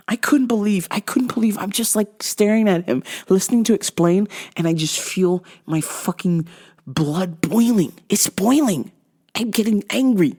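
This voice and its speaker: A foul-mouthed woman hosts a podcast and tells a comic story with exasperated energy. Her voice swings widely in pitch as she rants, all at a mid pitch. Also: normal speed, slightly rough. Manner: profane, exasperated, animated. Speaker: podcast host.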